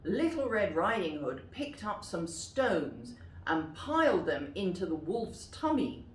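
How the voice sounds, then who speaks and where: A woman teacher reading a children's storybook aloud, slow and expressive, inviting the children to repeat the lines. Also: lowish voice, reverberant, poor audio.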